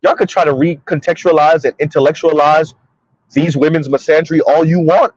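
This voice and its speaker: A man in his thirties delivers sassy, preachy social commentary straight to his audience. His voice is fairly high and slightly husky. The sound is dry and dull, like a lo-fi recording. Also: fairly even intonation, normal speed, darkish tone, no room sound. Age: 30s. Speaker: commentary streamer.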